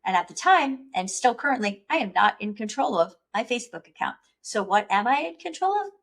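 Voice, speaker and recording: A woman's voice: on the high side, very animated, a little fast, a bit bright. A woman hosting a podcast, talking earnestly and reflectively in a personal monologue. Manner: earnest, self-reflective, acts out panicked inner voice. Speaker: podcast host.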